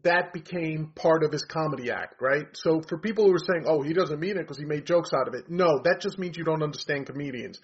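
Man, husky and high-pitched, blunt and opinionated, casual talk, dull lo-fi audio. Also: a little fast, few pauses. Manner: blunt, opinionated, rambling with fillers. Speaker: comedy commentator.

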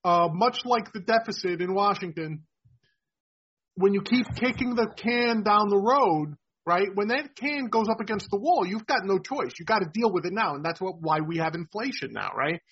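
A man's voice: high voice, expressive, moderate pace, a bit bright, slightly rough, muffled recording. A man hosting a casual sports podcast. He explains things at length and keeps checking in with "right?". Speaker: podcast host.

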